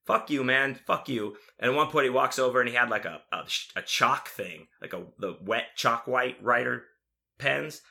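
A young man in casual chat, telling a profane, animated story and acting out what people said. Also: medium pitch, moderate pace, creaky.

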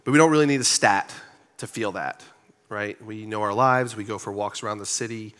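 A man with a fairly low voice delivers a sermon from a church stage. He keeps it loose and conversational, joking with the congregation and leaning on casual fillers. The pulpit talk sounds like everyday chat rather than formal oratory. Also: brisk, fairly bright tone, clean tone. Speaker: pastor and church elder.

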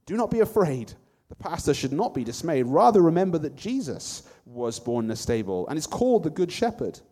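Man playing a chatty angel, animated pitch, warm dark tone, storybook. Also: brisk. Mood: earnest. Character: friendly, chatty male angel guide.

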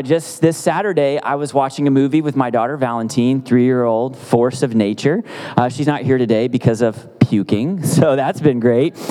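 A male pastor delivering a sermon with animated, joking storytelling. His voice is mellow and dark, and it rings out with a long reverb in a large hall. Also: mid-range voice. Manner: lively storytelling with playful asides. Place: church.

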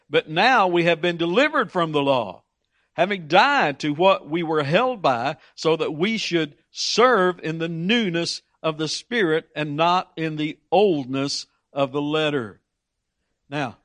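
A man's voice: a little high, fairly bright tone, no room sound. A man preaching a sermon, emphatic, often stumbling and repeating words as he presses his points.

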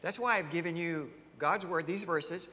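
Emphatic high-voiced male pastor preaching. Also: normal speed, pushed and bright, long reverb tail, slight background noise. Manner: emphatic, with rhetorical questions. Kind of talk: sermon.

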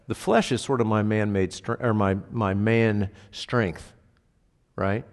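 Speaking slowly with fairly even intonation, a lowish-voiced pastor gives a relaxed, conversational sermon. Recorded in a reverberant hall, he checks in with the congregation through questions and stresses key words in emphatic bursts.

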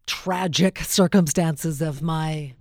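A woman's voice: sits low, takes it slowly, no echo, clean studio sound. A middle-aged woman, a radio host, telling stories in a casual interview and acting out the voices of the people in them. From Western Canada. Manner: animated, acts out quotes with shifting voices.

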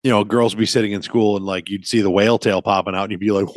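A man in his thirties, a podcast co-host, chatting casually and telling animated, profane stories. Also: lowish voice, rapid-fire, dry recording.

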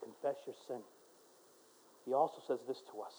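A male pastor preaching a sermon, dropping to a quiet voice for prayers and rising to loud, emphatic exhortation. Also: medium pitch, normal speed, background noise.

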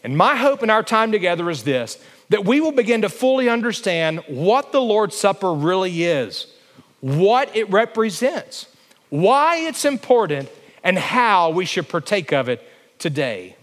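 A man's voice: high-pitched, sing-song, moderate pace. A young man from Alabama, preaching a sermon and telling stories while calling for responses from the congregation. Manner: storytelling, calls for congregation response. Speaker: pastor. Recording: long reverb of a church hall.

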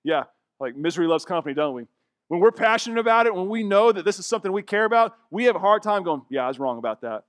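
A young man delivers an earnest sermon as a pastor, pressing his points and turning to the listeners with direct questions. His voice sits a little high for a man. The recording is dry and close, with no room sound. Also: dry recording.

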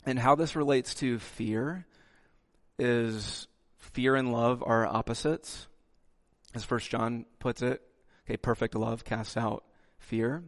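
A male pastor preaching a sermon with lively delivery, dropping "okay" asides and acting out the quotes he reads. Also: medium pitch, slow.

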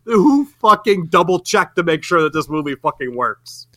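A man's voice: on the high side, sing-song, moderate pace, a bit bright. A man co-hosting a casual movie review chat, ranting with profane incredulity about plot holes. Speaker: podcast co-host.

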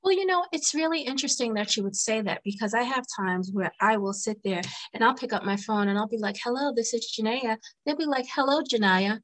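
A woman attorney talks as a podcast guest. She is emphatic and expressive, and laughs and mimics other people as she makes her points. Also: a little high, fast talker, few pauses. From United States. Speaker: attorney and business owner, guest. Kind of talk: casual interview chat.

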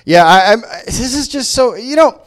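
A man's voice: extremely high pitch, expressive, moderate pace. A man doing a stand-up comedy set, ranting sarcastically with lots of swearing. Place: comedy venue.

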